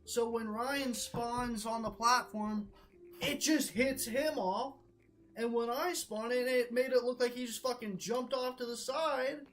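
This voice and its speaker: A young male streamer retelling a multiplayer game mishap in an animated, laughing way, swearing constantly. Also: very high-pitched, unhurried, poor audio. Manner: excitable, swears constantly, laughs between lines. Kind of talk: animated gaming story retelling.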